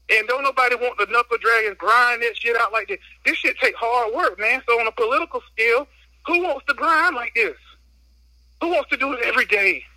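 A man with a high, very bright and sharp voice speaks into a phone while out walking, a little out of breath. His delivery is emphatic and full of slang as he vents in a casual podcast chat. The sound is dry and close, with no room around it. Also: dry recording, poor audio. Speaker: podcast guest. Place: outdoors on a walk.

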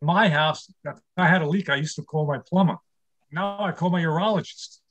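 A man's voice: on the high side, a little fast, a bit bright. Older man doing stand-up one-liners. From New York City. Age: 60s. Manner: punchy one-liners, laughs at own jokes. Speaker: stand-up comic. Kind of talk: stand-up set over video call. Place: home studio.

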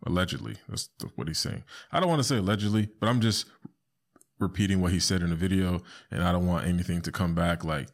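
A man hosting a podcast alone, talking casually and animatedly, often jumping into high squeaky voices to quote people. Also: quick pace. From South Florida. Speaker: podcast host. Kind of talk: casual solo podcast commentary.

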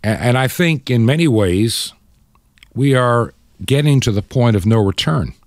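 A man's voice: medium pitch, lively intonation, a little slow, no echo, clean studio sound. An older man from the United States hosting Christian talk radio, with impassioned, preachy commentary. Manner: impassioned, preachy, mocks opponents in quoted voices. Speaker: radio talk show host.

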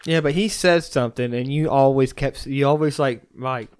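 A man's voice: medium pitch, moderate pace, darkish tone, clean tone. A man telling a rambling drinking story in casual chat, laughing often and swearing a lot.

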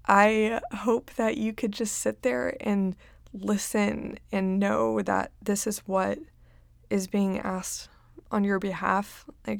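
A young woman with a mid-range, gravelly-edged voice, a podcast host and career coach, delivers a casual, heartfelt monologue on a dry recording. She's earnest, says "um" a lot, laughs softly between thoughts, and is getting choked up.

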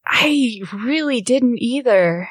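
A woman's voice: on the high side, animated, slow pace, no room sound, clean studio sound. Playful woman tabletop player. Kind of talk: tabletop role-play chat.

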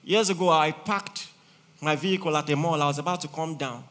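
A man preaching a sermon as a pastor, animated and teasing, swinging between loud and soft. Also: on the high side, a little fast.

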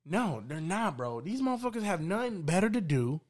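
A man's voice: sits high, very animated, fairly quick. A man telling a profane story in casual chat on a podcast.

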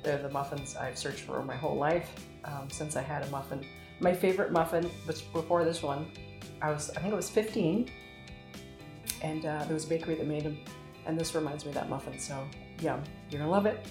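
A woman's voice: sits low, fairly even intonation, a little fast, roomy sound, over music. A middle-aged woman hosting a podcast in casual chat, talking between bites and poking fun at herself. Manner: chatty and self-deprecating, talking between bites. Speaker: podcast host. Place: home kitchen.

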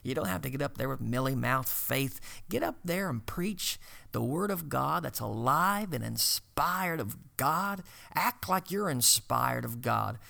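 Man, preacher, gravelly voice, mid pitch, earnest exhortation, frequent filler sounds. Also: animated, a little slow, pushed and bright.

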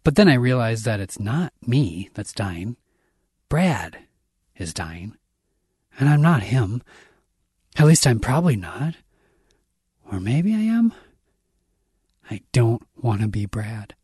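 A man reading a dark science fiction story aloud, intense and dramatic, raising his voice for the characters' shouts. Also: medium pitch, sing-song, slow, pauses often, breathy edge, no echo, clean studio sound. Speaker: audiobook narrator.

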